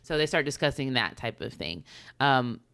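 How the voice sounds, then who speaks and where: A woman's voice: very deep voice, lively intonation, normal speed, fairly bright tone, clean tone. A woman co-hosting a podcast, chatting casually as she retells a story with many ums and acts out quotes. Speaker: podcast co-host.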